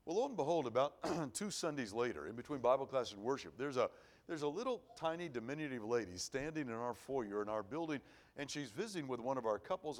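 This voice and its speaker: A middle-aged man preaching at an evening church service, telling a personal story in a folksy, earnest way. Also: medium pitch. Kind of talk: sermon. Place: church auditorium.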